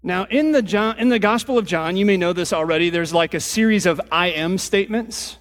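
A man's voice: high-pitched, a little fast, fairly bright tone, long reverb tail. A man preaching a sermon, explaining scripture in a conversational way with casual asides. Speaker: pastor.

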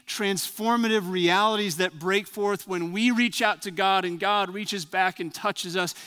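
A man's voice: high voice, fairly even intonation, a little slow, pushed and bright, clean tone, in a large hall. A man preaching as a pastor, praying and then telling a story in an earnest, reflective way. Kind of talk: sermon.

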